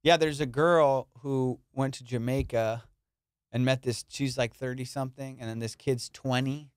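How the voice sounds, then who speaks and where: A man hosting a comedy podcast, telling stories in a profane, animated way. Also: medium pitch, normal speed, smooth. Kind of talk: casual podcast chat.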